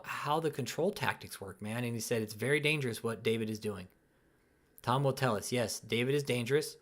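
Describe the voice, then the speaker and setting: A young man hosting a live stream, ranting angrily with heavy swearing and tagging his lines with "dude" and "man". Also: medium pitch. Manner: angry, profane, repeats "dude" and "man". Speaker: channel host.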